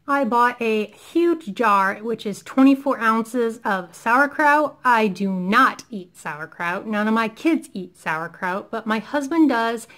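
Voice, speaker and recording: A woman's voice: on the high side, animated, takes it slowly, hardly any pauses, fairly bright tone. A woman in her thirties, a parent, chatting through a shopping haul in a casual vlog, enthusiastic and gushing, losing her voice a little. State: losing her voice, clearing throat. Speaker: vlogger showing a shopping haul.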